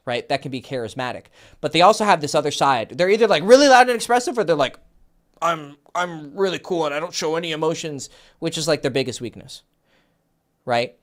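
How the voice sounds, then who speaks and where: A man hosting a dating advice Q&A as a coach, talking casually with lots of swearing and acted-out dialogue. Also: a little high. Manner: animated, profane, acts out quoted dialogue.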